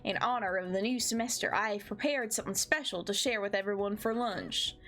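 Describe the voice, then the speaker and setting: A woman's voice: medium pitch, brisk, fairly bright tone, natural voice. A woman voicing an older male fried-chicken chef in a dating game, with a folksy drawl and howdy-style greetings. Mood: proud.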